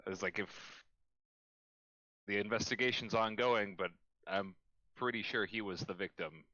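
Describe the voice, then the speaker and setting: A man's voice: fairly low pitch, moderate pace, pushed and bright, dry recording, muffled recording. A man playing in a tabletop game, thinking aloud and unsure of details. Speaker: player. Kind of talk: casual play at a tabletop game.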